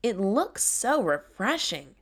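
A woman voicing an energetic, excitable young female tiger in a storybook. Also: medium pitch, slow, breathy edge, voice pushed up, heavily acted. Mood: excited.

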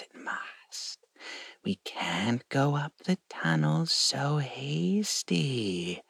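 A man voicing a slimy, sly creature that whispers and hisses to itself, slow and wheedling. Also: medium pitch, fairly bright tone, no echo, heavily acted. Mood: secretive. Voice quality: whispery, hissing, gravelly. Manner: slow, wheedling, talks to himself as precious.

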